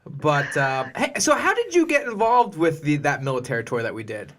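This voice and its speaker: A man's voice: a little high, big pitch swings, fairly quick, fairly bright tone. A man hosting a podcast, interviewing a guest in a playful, joking way. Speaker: podcast host.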